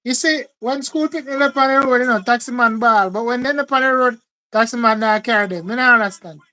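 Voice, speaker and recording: A woman's voice: on the high side, fairly quick, poor audio. Opinionated Jamaican woman co-host. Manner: lively, opinionated, repeats words. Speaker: co-host reacting to a speech. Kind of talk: casual chat in patois.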